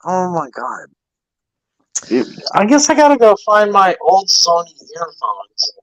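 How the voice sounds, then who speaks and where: A flustered man co-hosts a casual stream, swearing and stumbling over his words. His fairly high voice swings up and down a lot. The sound is close and dry. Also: huge pitch swings, a bit bright, no echo, rough recording. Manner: flustered, swears, halting restarts. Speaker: livestream co-host. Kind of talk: casual chat.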